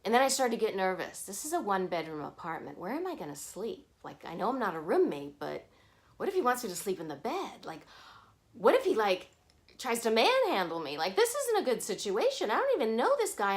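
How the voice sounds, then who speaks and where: A woman tells a personal story straight to the camera. Her pitch jumps all over as she talks, and she acts out the people she quotes in lively bursts. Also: brisk. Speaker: vlogger.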